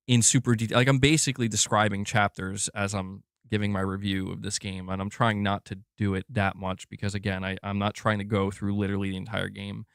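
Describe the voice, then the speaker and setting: Excitable, rambling man on a dry mic. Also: fairly low pitch, clean tone, no room sound. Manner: rambling, excitable, swears freely. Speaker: gaming channel host. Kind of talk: casual livestream game review.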